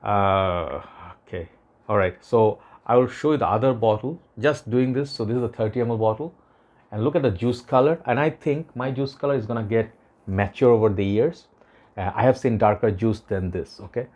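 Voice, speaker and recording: A man's voice: lowish voice, moderate pace, darkish tone, highs cut off. Earnest rambling man with Bangladeshi English accent. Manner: rambling, earnest, lots of "okay?" and asides. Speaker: fragrance reviewer. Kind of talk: casual vlog review.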